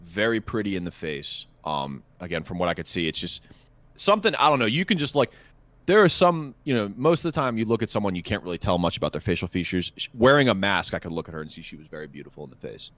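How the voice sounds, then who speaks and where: A young man tells a crude, profane story on a podcast, rambling and stammering as he goes. His pitch sits low, but his delivery swings up and down a lot. The sound is close and dry. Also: very animated, fast, fairly bright tone, no room sound. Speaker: podcast co-host. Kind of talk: casual storytelling chat.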